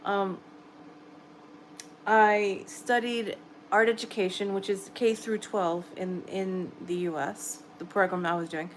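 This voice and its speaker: A middle-aged woman from New York with a soft, encouraging way of talking chats casually with her livestream viewers. Her pitch sits in an ordinary middle range. A faint hiss runs under her voice from a home mic. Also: fairly even intonation, takes it slowly, low-quality recording. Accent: American, New York. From New York area, US. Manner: gentle, encouraging, chatty with viewers. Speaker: livestream host. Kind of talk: casual live chat reading comments. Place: home at night, quiet room.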